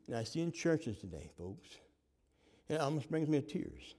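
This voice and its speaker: A man preaching a sermon, fervent, swinging from loud to hushed. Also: on the high side, sing-song, normal speed, husky. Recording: long hall reverb.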